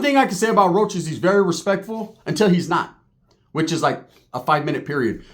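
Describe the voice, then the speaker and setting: Animated, profane man telling a story. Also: fairly high pitch, fast talker. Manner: profane, animated, acts out quotes. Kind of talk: casual comic storytelling.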